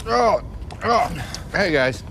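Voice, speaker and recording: A man's voice: high voice, big pitch swings, takes it slowly, creaky, fairly bright tone, slight background noise. A man making dry, sarcastic wisecracks while riffing on a film. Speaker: comedy show host riffing on a film.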